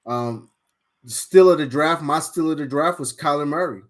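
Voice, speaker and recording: A man's voice: a little high, moderate pace. A man casually recapping a fantasy draft, rambling and swearing with lots of fillers and outbursts. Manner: rambling, profane, animated storytelling with frequent fillers. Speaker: fantasy football league member.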